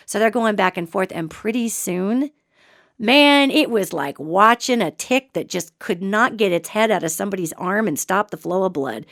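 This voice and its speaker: A woman hosting a podcast, telling a story in an animated, colloquial way with joking asides. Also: medium pitch, moderate pace, dry recording, clean studio sound. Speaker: podcast host. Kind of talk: storytelling, casual talk.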